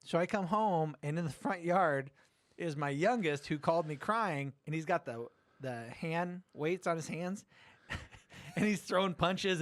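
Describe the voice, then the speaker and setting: A middle-aged man hosting a podcast, telling a story in casual chat, animated, swearing and acting out quotes. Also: a little high, no room sound. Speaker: podcast host.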